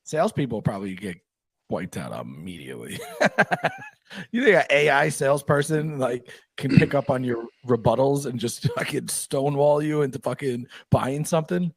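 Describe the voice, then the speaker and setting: A man's voice: medium pitch, big pitch swings, moderate pace, creaky, husky, no echo. A man co-hosting a podcast in casual, profane banter, often laughing as he riffs. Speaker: podcast co-host.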